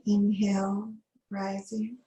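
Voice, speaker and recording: A woman yoga teacher guiding a slow yin yoga meditation, giving soothing breath cues with long pauses. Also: medium pitch, little pitch movement, mellow, reverberant, poor audio.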